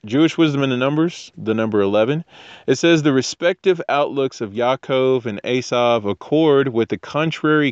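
A man's voice: medium pitch, smooth, dry recording, highs cut off. A man giving casual scripture teaching with jokey asides, rambling tangents and frequent restarts. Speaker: teacher of Torah.

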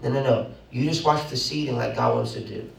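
A young man, the pastor, preaching an animated sermon with sudden loud bursts and quick asides, recorded in a church. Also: medium pitch, vocal fry. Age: young adult. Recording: roomy echo, mic at a distance.

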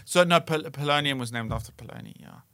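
A South African man cohosts a casual comedy podcast with a bright, clear voice. He is playful and often breaks into laughter over his own trivia. The sound is dry and close. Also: a little high, quick pace, no echo. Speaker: podcast co-host.

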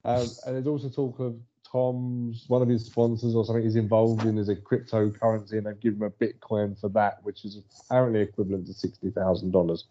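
A man's voice: lowish voice, flat delivery, fast talker, few pauses, warm tone, a little hiss or hum. A man co-hosting a casual sports podcast, telling stories in a chatty way and laughing often. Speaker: podcast co-host. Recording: dull lo-fi audio.

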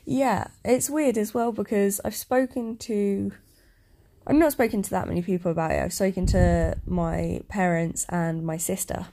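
A woman co-hosting a casual podcast chat, talking hesitantly and in quick bursts about her worries. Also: medium pitch, steady tone, mellow. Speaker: podcast co-host.

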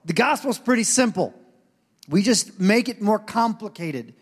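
High-voiced pastor preaching in a reverberant hall. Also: male voice, lively intonation, measured pace. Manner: casual, joking, acts out quoted voices. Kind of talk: conversational sermon. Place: church sanctuary.

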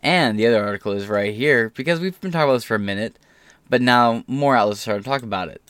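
A man hosting his own podcast, telling a story casually and getting loud and animated when he quotes people. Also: medium pitch, quick pace, smooth, dry recording. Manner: animated storytelling, swearing, voice rising when quoting. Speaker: podcast host.

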